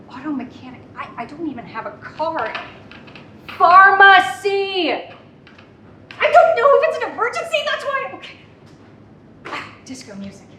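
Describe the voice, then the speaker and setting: A woman's voice: high-pitched, exaggerated voice. A woman playing a flustered, stammering mom. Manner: flustered, stammering, constant restarts and interruptions. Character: frazzled middle-aged mom juggling phone, elderly mother, toddler. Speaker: comedic actor. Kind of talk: live comedy sketch monologue. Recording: roomy, distant, noisy live recording.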